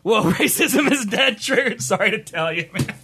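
Animated young man, wide-swinging voice. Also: normal speed, husky, dry recording. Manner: animated, joking, swings pitch widely. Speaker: podcast co-host. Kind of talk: casual chat and reading news.

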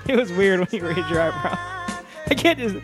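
A young man hosting a casual comedy podcast, teasing his co-hosts and laughing often. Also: high voice. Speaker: podcast host. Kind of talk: casual chat.

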